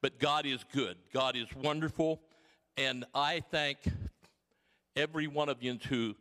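An older man giving a folksy mission testimony to a congregation, telling stories with gentle humour. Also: mid-range voice. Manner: homely storytelling with gentle humour. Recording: long reverb of a large hall.

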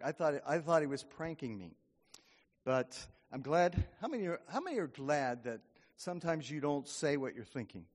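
A man preaching a sermon as pastor, in a folksy, conversational way, often checking in with the congregation. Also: a little high. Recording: long hall reverb.

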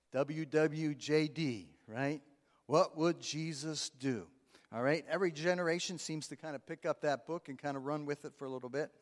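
A middle-aged male pastor preaching a sermon, calling out to the congregation with rising emphasis and amens. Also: on the high side. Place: church sanctuary. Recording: long hall reverb.

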